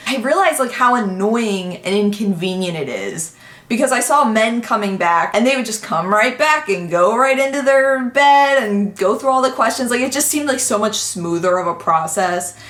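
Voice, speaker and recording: A woman vlogger telling a casual storytime, chatty and animated, with lots of "like" in her talk. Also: mid-range voice, echoey room.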